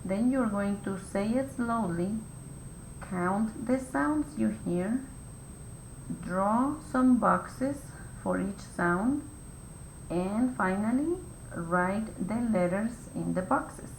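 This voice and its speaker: A woman teacher walks young children through a phonics lesson at an unhurried pace, spelling out each step with patient care. Her mid-range voice bounces around an echoey room, and a faint rumble sits underneath. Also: lively intonation. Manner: slow, clear, patient step-by-step instructions.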